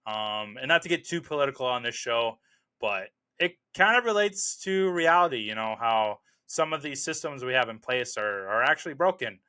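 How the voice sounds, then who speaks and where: A young adult man hosting a casual film review, talking in a relaxed, rambling way with many fillers. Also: mid-range voice, normal speed, smooth.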